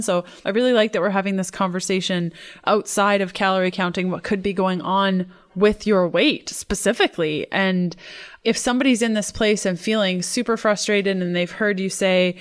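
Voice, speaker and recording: A woman hosting a podcast, chatting casually with a guest, bubbly and quick to agree and laugh. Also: mid-range voice, steady tone. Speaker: podcast host and author.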